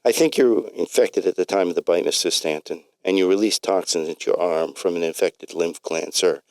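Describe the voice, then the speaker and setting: A man's voice: deep voice, a little fast, darkish tone, dry recording. A man voicing an urgent, clinical female doctor in a read-aloud story. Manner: firm, clinical.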